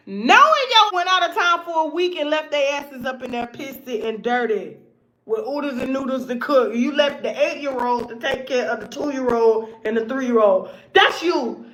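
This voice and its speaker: A woman hosts her own show with a casual, profane monologue full of blunt commentary. Her voice sits high, and she swings between loud outbursts and hushed asides.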